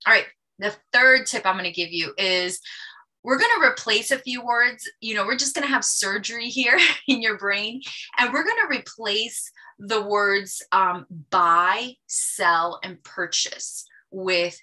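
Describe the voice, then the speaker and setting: Woman coach running a sales class; voice a touch high and bright, upbeat delivery that acts out dialogues. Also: normal speed. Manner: energetic, acts out customer dialogues. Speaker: sales trainer. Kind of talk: class teaching sales tips.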